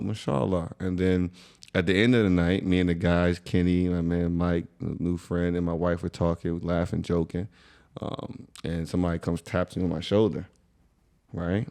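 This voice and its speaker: A man's voice: low voice, level tone, a little fast, vocal fry, a little mellow. A young American man co-hosting a podcast, telling a story in a laid-back, slangy, conversational way. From USA. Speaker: podcast co-host. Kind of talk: casual storytelling chat.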